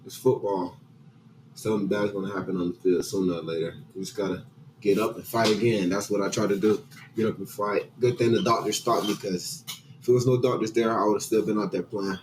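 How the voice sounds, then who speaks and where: A man's voice: fairly low pitch, fairly even intonation, fairly quick, recorded from a distance, noisy background. A young man, a college football player, speaking in an easygoing, upbeat way in an interview. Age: young adult. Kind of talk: interview remarks.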